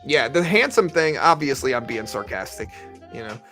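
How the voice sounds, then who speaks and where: Gravelly-voiced man streaming trades. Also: medium pitch, sing-song, normal speed, sharp tone, faint music behind. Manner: rambling, conversational, full of fillers. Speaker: live trading streamer. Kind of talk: casual live-stream commentary.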